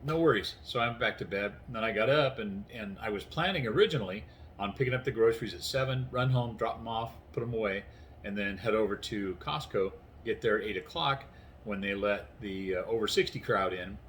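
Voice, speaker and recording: A man's voice: lowish voice, brisk, fairly bright tone, slight background noise. A tired man in his sixties, rambling through a casual vlog story indoors at home and acting out the conversations. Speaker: vlogger. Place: inside his house, doors closed.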